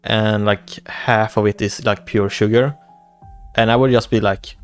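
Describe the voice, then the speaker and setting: A man's voice: fairly low pitch, steady tone, normal speed. Rambling man streaming live. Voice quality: rambling, repeats and restarts words. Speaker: livestream host. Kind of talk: casual livestream chat, reading chat aloud. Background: faint background music.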